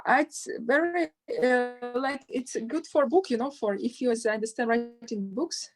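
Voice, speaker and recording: A woman interviewer who speaks haltingly and often searches for her words while asking questions over a video call. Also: fairly high pitch, soft background music. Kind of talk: conversational interview.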